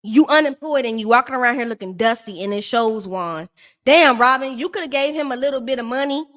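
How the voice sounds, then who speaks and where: A woman hosting a live-stream recap of a reality show, talking in a sassy, shady, animated ranting way. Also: a little high, a little fast. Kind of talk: casual live-stream commentary.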